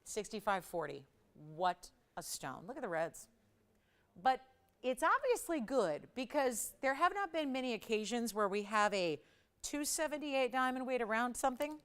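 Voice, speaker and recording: A woman's voice: fairly high pitch, big pitch swings, normal speed, fairly bright tone, smooth. Chatty woman hosting live jewelry sales. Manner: chatty, storytelling, laughs often. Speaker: jewelry shopping host. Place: TV studio.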